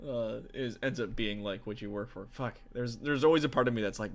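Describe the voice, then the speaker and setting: A man in the middle of casual stream chat, running a tabletop game and talking loosely with his viewers. His voice sits at an ordinary pitch, and he rambles, swears freely, and leans on "like" and "um". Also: brisk, hardly any pauses. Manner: rambling, profane, full of fillers.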